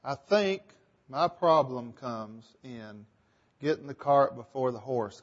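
A man's voice: mid-range voice, a little slow, lo-fi sound. Man leading a Bible study. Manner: conversational, thinks aloud, asks the group questions. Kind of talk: leading a group Bible discussion.

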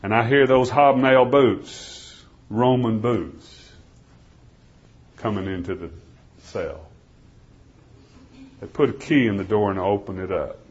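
A man preaching a sermon, telling a first-person story, swinging from loud pleading to hushed, near-whispered lines. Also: on the low side, slow, pauses often. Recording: dull lo-fi recording.

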